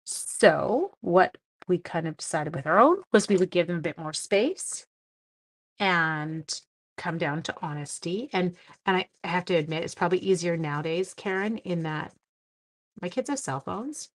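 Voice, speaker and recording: A woman's voice: lowish voice, moderate pace. A woman in her forties hosting a casual craft live stream, chatting to viewers by name as she colors. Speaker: livestream craft host. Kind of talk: casual live stream chat while card making.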